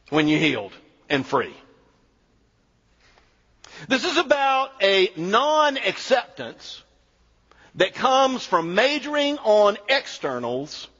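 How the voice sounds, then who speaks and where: A man preaching a sermon as pastor, emphatic and animated, sometimes dropping to a low, quiet delivery. His voice is husky. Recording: dull sound with long hall reverb.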